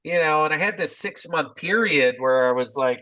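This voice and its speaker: A man in his fifties, a physician and business executive, telling his story in a relaxed interview, reflective and rambling with many fillers and restarts. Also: mid-range voice, normal speed, hardly any pauses, rough recording.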